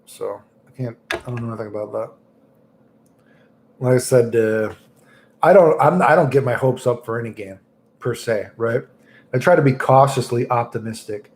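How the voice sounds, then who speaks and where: A male streamer chatting casually with his audience in a rambling, crude, joking way. His voice sits at an average pitch for a man. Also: a little mellow, a little hiss or hum. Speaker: livestreamer.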